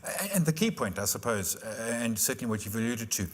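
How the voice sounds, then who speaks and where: A man's voice: lowish voice, big pitch swings, fairly quick, long reverb tail. A man hosting an interview, summarizing points with stammering restarts. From South Africa. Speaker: interview host. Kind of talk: virtual conference interview.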